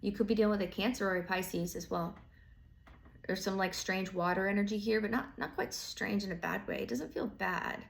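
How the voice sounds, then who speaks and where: A woman reads tarot in a loose, chatty monologue. Her voice sits at an average height with a gravelly, creaky edge. She rambles, restarts, and drops casual swears as she goes. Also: medium pitch, a little fast. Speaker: tarot reader.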